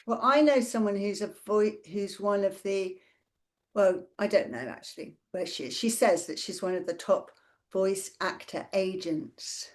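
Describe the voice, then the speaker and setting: A woman in a workout session chatting casually and asking curious questions. Her voice has a medium pitch and an ordinary tone. The room is roomy and echoey. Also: unhurried. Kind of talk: casual chat during a workout. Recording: roomy echo.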